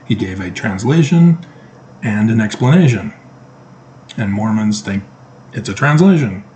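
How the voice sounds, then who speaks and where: A man's voice: lowish voice, animated, measured pace, darkish tone, slight background noise, poor audio. A middle-aged man talking to camera in a casual monologue, emphatic and sarcastic, throwing out rhetorical questions. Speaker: vlogger.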